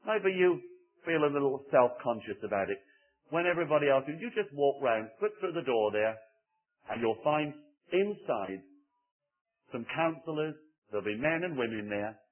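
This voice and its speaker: A man's voice: mid-range voice, animated, moderate pace. A man preaching an evangelistic sermon, pleading fervently with repeated appeals. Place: church service. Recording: tinny phone-like recording.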